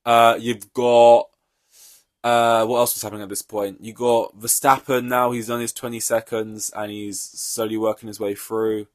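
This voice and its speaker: A man's voice: medium pitch, level tone, normal speed, no room sound, clean studio sound. A young man hosting a solo podcast, reacting to a race in an offhand, rambling way, swearing freely. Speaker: podcast host.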